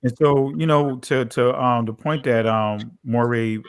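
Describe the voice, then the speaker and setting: New Jersey pastor in casual talk. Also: male voice, medium pitch, unhurried, clear, resonant tone, no echo, studio quality. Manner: conversational, frequent "you know" fillers. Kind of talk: casual online discussion.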